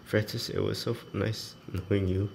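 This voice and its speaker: Gravelly-voiced man reading notes. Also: on the low side, little pitch movement, moderate pace, darkish tone, slight background noise. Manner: reads notes aloud, mixes Korean and English, laughs often. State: emotional, teary. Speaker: vlogger reading farewell notes. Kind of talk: casual chat.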